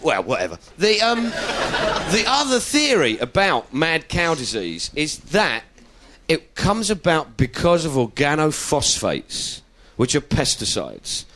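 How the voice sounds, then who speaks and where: Animated comedian. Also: male voice, medium pitch. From South London. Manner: cheeky, animated, swearing, mimicking people. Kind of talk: stand-up comedy.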